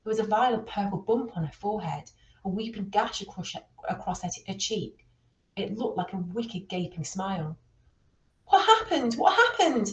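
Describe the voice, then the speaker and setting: A woman reading a children's novel aloud, with steady, expressive storytelling. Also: medium pitch, moderate pace, reverberant, poor audio. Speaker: reader.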